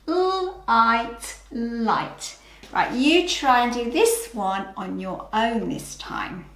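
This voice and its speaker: A woman's voice: on the high side, lively intonation, takes it slowly, vocal fry, roomy sound. A woman with a British accent teaching children phonics, patient and encouraging, sounding out letters one by one. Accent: British English. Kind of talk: slow, clear early-years phonics lesson.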